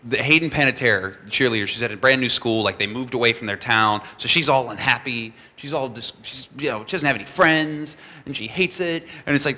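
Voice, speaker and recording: Bright-voiced animated male storyteller. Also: a little high. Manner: animated storyteller, acts out voices, laughs often. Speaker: filmmaker guest. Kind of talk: live stage conversation. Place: stage before a live audience.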